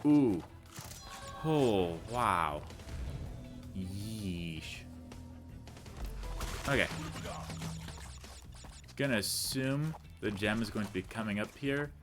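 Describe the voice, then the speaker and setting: A man's voice: on the low side, lively intonation, drawn-out words, pauses often, music in the background. A man giving casual, rambling commentary over a video game he is playing, full of tangents and self-deprecating jokes. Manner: rambling, chatty, goes off on tangents; self-deprecating, jokey asides. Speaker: let's play commentator.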